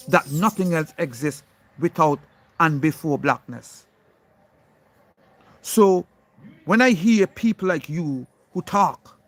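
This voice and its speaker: A man's voice: fairly high pitch, a bit bright. A man delivering an impassioned monologue, emphatic and insistent, stressing single words as he speaks straight to a critic. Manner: preachy, addressing an unseen critic directly.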